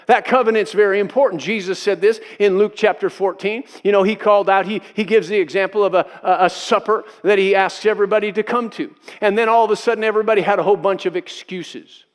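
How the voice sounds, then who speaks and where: Male pastor, high-pitched, emphatic preaching, repeats lines for emphasis, slips into quoted voices. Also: steady tone, quick pace, hardly any pauses. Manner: emphatic, repeats key phrases for effect. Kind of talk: sermon.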